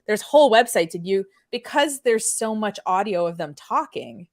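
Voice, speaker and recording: A woman with a French Canadian accent hosts a casual chat, rambling along with lots of filler words. Her mid-range voice has lively intonation and moves at a normal speed.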